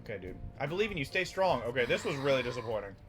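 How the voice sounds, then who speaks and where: A young man chats as he streams a game with a friend, joking and rambling along the way. His voice is mid-pitched but very lively, jumping up and down as he talks. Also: racing, music in the background. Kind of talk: casual gaming chat.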